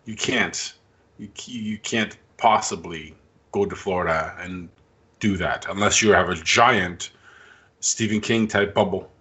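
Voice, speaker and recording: Male sports podcast co-host, opinionated and dismissive, lowish, sharp tone. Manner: blunt, opinionated, quick dismissive jabs. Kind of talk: casual sports chat.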